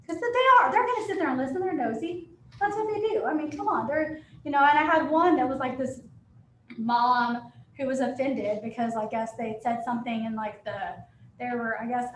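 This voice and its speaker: Candid, chatty realtor woman with a bright high voice, recorded in an echoey room. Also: a little fast, slight background noise. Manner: chatty, candid, quotes people in lively asides. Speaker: real estate agent. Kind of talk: casual panel talk.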